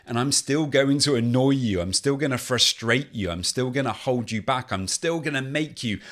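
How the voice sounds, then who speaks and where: A man's voice: mid-range voice, moderate pace, a bit bright, natural voice. A man voicing the taunting inner voice of a disorder that keeps pestering its owner. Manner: taunting, repetitive. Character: nagging inner voice of a disorder, spiteful.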